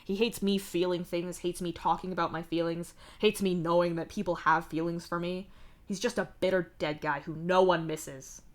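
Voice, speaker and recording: A woman reading the lines of a sardonic, profane young man in a live fanfic reading, with a wry, deadpan delivery. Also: on the low side, normal speed, natural voice. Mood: bitter. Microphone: streaming mic.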